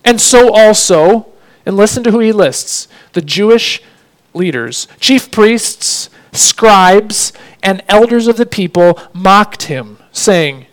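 A man preaching a sermon, earnest, slowing down to read scripture lines with emphasis. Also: high voice, expressive, rough recording. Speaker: pastor.

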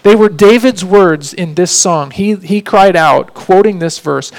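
A man with a high-pitched voice preaches a sermon. He speaks earnestly and keeps asking his listeners questions as he makes each point. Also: normal speed, few pauses. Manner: earnest, asks rhetorical questions.

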